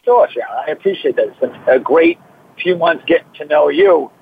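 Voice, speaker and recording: A man's voice: a little high, expressive, a little fast, gravelly. A man in his fifties from Massachusetts with a Boston accent, a guest talking at length in a chatty way with many fillers. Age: 50s. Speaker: guest, trainer and author. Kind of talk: interview over the phone. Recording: tinny phone line with faint hiss.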